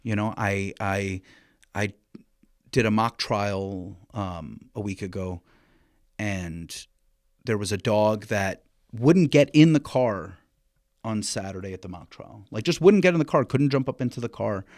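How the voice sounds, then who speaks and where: A man telling stories as a guest on a casual podcast about dog training, animated and blunt, swearing freely and restarting his sentences. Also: fairly low pitch, measured pace, no room sound, clean studio sound.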